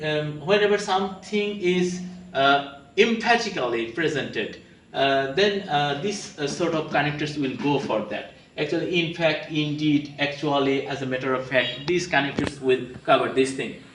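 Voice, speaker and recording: A man teaching a grammar class, calling his listeners his dear students as he works through examples with frequent pauses. His voice sits a little high for a man. It comes across roomy and echoey, with a faint hiss behind it. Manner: hesitant, many pauses and repeated phrases; addresses listeners fondly as students. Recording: echoey room, mic at a distance.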